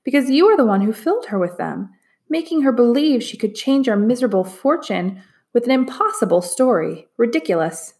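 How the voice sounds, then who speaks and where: A woman voicing a fierce, bitter mother who speaks in sharp, clipped words. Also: on the high side, big pitch swings, fairly quick, voice pushed up. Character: fierce, bitter mother searching for her daughter.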